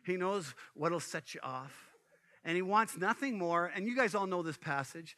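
A man preaching a sermon, telling stories in an animated way, full of asides to the congregation. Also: high-pitched, normal speed. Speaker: pastor.

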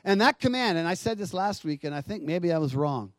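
A man preaching a sermon as pastor, moving from hushed, gentle passages to loud emphatic ones and calling out to the congregation for responses. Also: a little high, a little fast, no room sound.

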